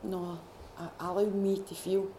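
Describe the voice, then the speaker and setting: A Scottish woman shares her personal faith testimony with a retreat gathering, speaking heartfelt but halting words full of restarts and self-corrections. Her voice is mellow, at an ordinary middle pitch with little pitch movement, and a faint hum of noise sits behind her.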